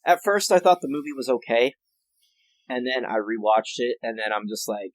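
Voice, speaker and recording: A man's voice: mid-range voice, lively intonation, moderate pace, no room sound. A man co-hosting a casual podcast, swearing freely and complaining with energy. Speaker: podcast co-host.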